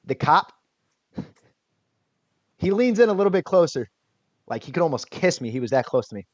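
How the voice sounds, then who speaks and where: A man guest on an interview podcast, telling a personal story in a casual, lively way and acting out what others said. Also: on the high side, moderate pace, no echo. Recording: dull lo-fi dry sound.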